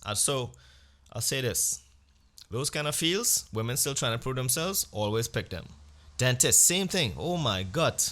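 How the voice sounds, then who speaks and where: A man telling crude comic stories as a podcast host, acting out exchanges with sudden jumps in pitch and volume. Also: fairly bright tone. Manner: blunt and crude. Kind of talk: comic storytelling monologue.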